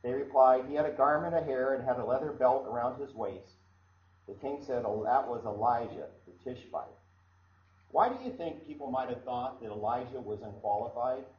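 A man's voice: medium pitch, normal speed. Man from Iowa preaching a sermon: conversational, repeats himself, roomy and slightly muffled recording. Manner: conversational, repeats and restarts phrases. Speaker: pastor. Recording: echoey room, dull sound, faint background noise.

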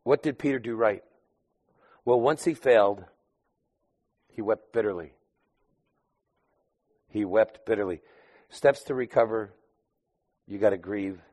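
A man preaching a sermon in a conversational way, rising to loud emphatic bursts and dropping to quiet asides. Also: fairly low pitch. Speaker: pastor.

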